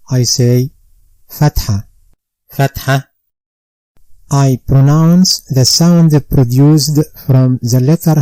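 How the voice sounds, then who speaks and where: A man teaching Quran recitation step by step, in a deliberate instructional manner that repeats each sound twice for the learner. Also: mid-range voice, warm tone, no room sound, low-quality recording.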